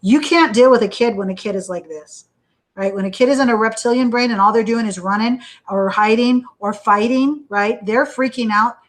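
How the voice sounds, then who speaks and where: A woman's voice: on the high side, normal speed. A woman giving a recorded university lecture in a conversational way, asking "right?" after almost every point and acting out panicked inner voices to make examples vivid. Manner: conversational, checks in with "right?" constantly.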